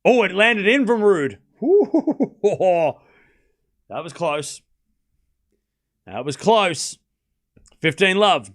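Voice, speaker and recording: In a high-pitched, very animated voice, a man delivers casual live tennis commentary very slowly, pausing often. He's hosting a watchalong stream, calling each shot in brief bursts, chatting loosely with viewers between points, and swearing offhand.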